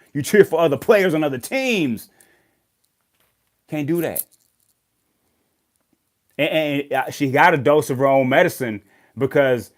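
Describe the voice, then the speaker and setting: A man hosting a sports show, talking casually and animatedly about football games and ranting loudly when worked up. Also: mid-range voice. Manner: animated, rants and gets loud when worked up. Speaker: sports podcast host.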